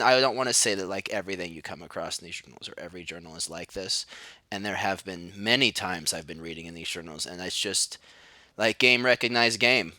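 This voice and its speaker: A man's voice: lowish voice, smooth, no room sound. A man, rambling through a solo podcast monologue, sardonic and self-mocking. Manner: sardonic, self-mocking, shouts mock cries. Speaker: podcast host.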